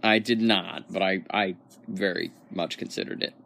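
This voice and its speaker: A man's voice: low-pitched, fairly even intonation, normal speed, creaky, a bit bright. Young guy with hiccups, joking around on a podcast, rambling story, teasing. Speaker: podcast co-host. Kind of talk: casual chat.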